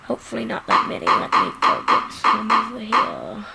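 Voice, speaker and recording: A woman giving casual, excitable, self-mocking commentary while playing a video game at home. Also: on the high side, normal speed, gravelly, hardly any pauses. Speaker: gameplay commentator. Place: home, seated at computer. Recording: loud background noise.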